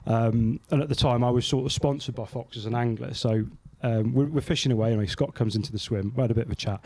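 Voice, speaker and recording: A man's voice: medium pitch, fast talker, dry recording. British man telling a fishing anecdote. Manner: animated, acts out quoted voices in anecdotes. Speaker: podcast host. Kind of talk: casual storytelling chat.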